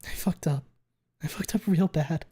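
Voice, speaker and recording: A man voicing a volatile young woman, high and screaming. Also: unhurried, mellow, slightly rough. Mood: sobbing. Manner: screaming and swearing. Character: volatile young woman, raging then sobbing. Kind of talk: dramatic reading of a story.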